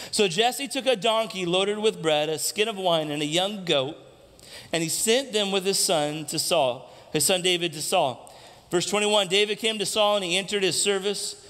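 A man with a fairly high voice delivers a sermon from the pulpit. He asks the congregation questions and repeats his main points for emphasis. His voice carries a long hall reverb from the church sanctuary. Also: a bit bright. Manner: preaching with rhetorical questions to the congregation; repeats key lines for emphasis. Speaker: pastor.

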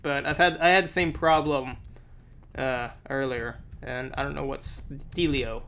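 A young man doing let's play commentary, excitable and exclamatory, a little sick with a sore throat. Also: medium pitch, a little slow, creaky. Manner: excitable, exclamatory, talks to the game. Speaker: gameplay commentator.

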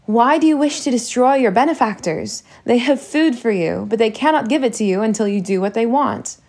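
A woman reading an audiobook voices a spirited teenage girl heroine who talks in a lively, teasing way, with a slight vocal fry. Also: on the high side, fairly quick, pitched above the performer's own voice. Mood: coaxing.

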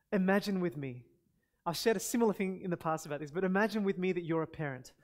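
A man preaching a sermon as pastor, earnest and exclaiming praise as he addresses the congregation directly. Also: sits high.

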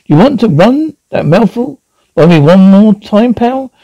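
A man voicing a belligerent older husband who talks in a gruff, contemptuous bluster. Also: sits high, very animated, a little slow, dark tone, dry recording, dull audio, voice pushed up, exaggerated voice.

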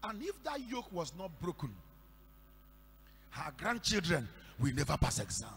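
A Nigerian man preaching a sermon, telling stories and breaking into shouted declarations. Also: fairly high pitch, sing-song, moderate pace, breathy edge. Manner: storytelling with sudden shouted declarations. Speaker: pastor. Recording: echoey hall with faint hum.

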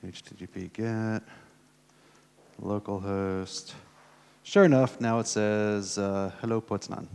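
A man's voice: on the low side, darkish tone, clear, resonant tone. An American man at a conference, talking casually through a live coding demo and thinking aloud as he types. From United States. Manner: casual, thinking aloud while typing, many fillers. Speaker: conference speaker. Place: conference hall. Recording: long hall reverb from a conference room.

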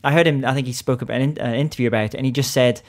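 A man's voice: mid-range voice, fairly even intonation, very fast. Conversational male podcast host. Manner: conversational, many restarts. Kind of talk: casual interview chat.

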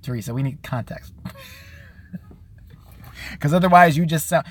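A man live-streaming a casual rant, profane and sarcastic, who often mimics other people in a high, mocking voice. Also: normal speed, a little hiss or hum. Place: out and about, at a store.

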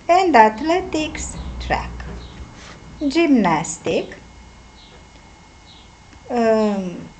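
A woman teaches English vocabulary, pronouncing each word carefully at a very slow pace. Her voice sits a little high and moves about a great deal in pitch. A faint noise hums behind her. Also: rough recording. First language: Romanian. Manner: careful, deliberate word-by-word pronunciation. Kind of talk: slow lesson reading out word lists.

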